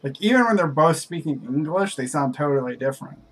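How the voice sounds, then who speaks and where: A man's voice: a little high, expressive, a little fast, breathy edge, rough recording. A man casually chatting and explaining strategy while playing a co-op strategy game, rambling with lots of "like" fillers. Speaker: co-op game player. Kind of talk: casual chat while gaming.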